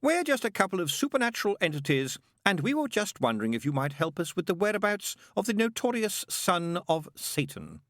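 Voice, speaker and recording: Man voicing a flippant demon, sly and mocking, high and swooping, storybook reading. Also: very animated, fairly bright tone, no room sound, studio quality, full character voice. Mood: sardonic. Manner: quick, mocking, petulant.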